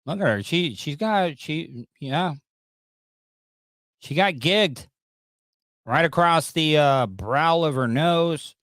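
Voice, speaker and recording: A man's voice: fairly high pitch, animated, slow, long pauses, fairly bright tone, no room sound. Male podcast host, wisecracking and mocking, dry room. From Southern US. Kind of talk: casual commentary on news clips.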